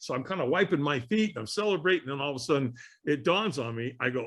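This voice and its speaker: Guy on a podcast telling a story, lively swoopy voice, bit high, acts out the voices. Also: fast. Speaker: podcast guest.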